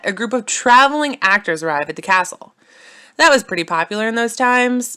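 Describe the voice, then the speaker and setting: A woman's voice: medium pitch, pushed and bright. A young woman narrating a playful, silly retelling of a classic story, with casual slangy asides.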